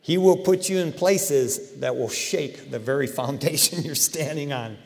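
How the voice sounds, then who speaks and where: A man preaching a sermon in a lively, conversational way, with casual slang. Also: fairly high pitch, unhurried, gravelly, in a large hall. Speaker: pastor. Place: church.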